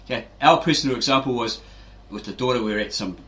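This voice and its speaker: A fast, medium-pitched man's voice with a fairly bright tone carries a fitness channel host's casual, rambling explanation. He keeps asking "right?" and acts out quotes along the way.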